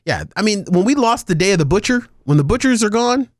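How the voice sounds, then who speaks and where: A man co-hosting a podcast in casual banter, animated and joking, speaking into a close mic. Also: high-pitched, fast, no echo. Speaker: podcast co-host.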